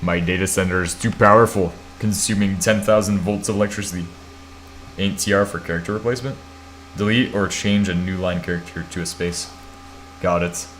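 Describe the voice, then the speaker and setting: Streamer, American man, very low voice, drowsy and muttering, self-mocking, faint hum in the room. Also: steady tone, brisk, fairly bright tone. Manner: thinks aloud while typing, swears, self-mocking. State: half asleep. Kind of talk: casual live-stream chat.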